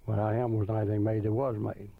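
A man preaching a sermon, reading scripture slowly and deliberately, with small restarts. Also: on the low side, level tone, creaky, dry recording. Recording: tinny phone-like line, dry.

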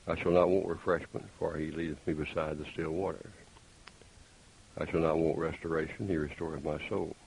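A man preaching a sermon, deliberate and emphatic, with pointed rhetorical questions. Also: extremely low pitch, steady tone, gravelly, a little mellow, rough recording. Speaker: pastor. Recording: faint hiss.

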